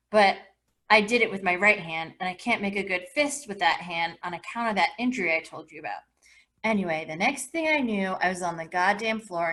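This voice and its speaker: A woman English teacher reading a first-person novel aloud to her class with expressive delivery. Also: lowish voice.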